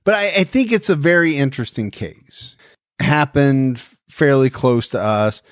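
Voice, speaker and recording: A man's voice: mid-range voice, big pitch swings, moderate pace, smooth, dry recording, clean studio sound. A man co-hosting a podcast, chatting in an easygoing way. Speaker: podcast co-host. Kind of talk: casual chat.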